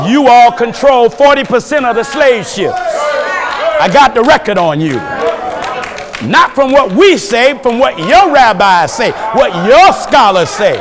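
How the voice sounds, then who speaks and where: A man preaching a fiery sermon, shouting his points with chuckling asides between them. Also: very high voice, expressive, moderate pace, crowd noise. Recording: long hall reverb.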